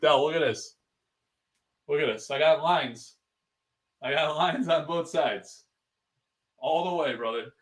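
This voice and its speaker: A man's voice: on the high side, slow, long pauses, a bit bright. A man from the Northeastern United States, a card collector hosting his channel, telling rambling, joking stories while he opens card packs at home. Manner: rambling, joking, trash-talking banter. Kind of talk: casual storytelling while opening card packs.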